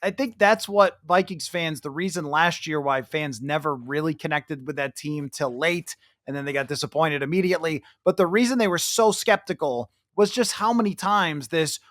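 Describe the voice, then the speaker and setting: A man's voice: fairly high pitch, moderate pace, few pauses, a bit bright, no room sound, clean studio sound. A man hosting a casual sports podcast, talking animatedly and slipping into mock voices when he quotes fans. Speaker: podcast host.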